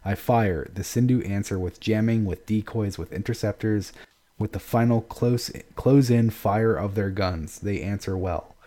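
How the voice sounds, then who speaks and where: A man's voice: on the low side, unhurried, warm tone. A man reading a novel aloud with dramatic first-person narration and casual asides.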